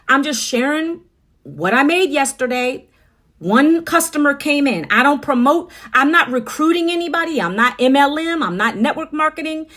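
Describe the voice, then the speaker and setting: Upbeat high-voiced woman on a livestream. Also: pushed and bright. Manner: chatty, upbeat, addresses viewers directly. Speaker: livestream host. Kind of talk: casual livestream chat. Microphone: phone.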